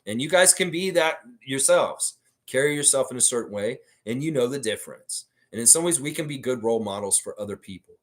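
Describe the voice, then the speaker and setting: A man hosts a casual livestream and reads out viewer comments, then replies in a blunt, unfiltered way with frequent swearing. His voice sits at an ordinary middle pitch for a man. He sometimes refers to himself in the third person. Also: lively intonation, brisk, fairly bright tone. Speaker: sports livestream host.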